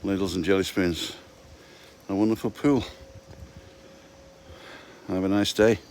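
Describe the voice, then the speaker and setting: Man, low voice, has a cold, punning and chatty, live walking tour, phone held outdoors, faint outdoor hum. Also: darkish tone. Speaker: live-stream vlogger. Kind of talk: casual live-stream tour. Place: outdoors, walking through a residential complex. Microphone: handheld phone.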